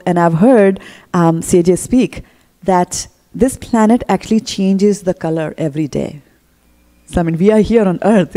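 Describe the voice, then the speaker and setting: A woman giving a storytelling sermon, retelling a scripture tale with quoted dialogue, casual fillers and pauses. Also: on the low side, warm tone, long reverb tail. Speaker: speaker giving a temple talk.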